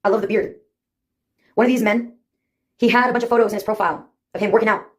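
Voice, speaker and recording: A woman in her fifties tells stories in a quick, brisk monologue with a slightly high voice. She is wry and sarcastic, often laughing at her own anecdotes. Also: steady tone. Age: 50s. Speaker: vlogger. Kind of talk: casual storytelling monologue.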